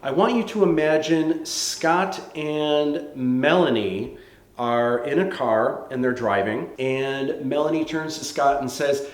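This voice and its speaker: A man teaching screenwriting in a lively, conversational way. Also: fairly high pitch, slow. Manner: animated, conversational. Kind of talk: instructional talk. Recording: roomy echo.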